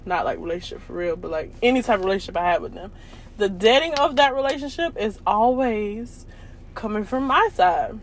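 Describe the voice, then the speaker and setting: A young woman hosting a podcast, talking in a chatty, slangy way with frequent laughter. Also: mid-range voice. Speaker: podcast host. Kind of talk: casual chat.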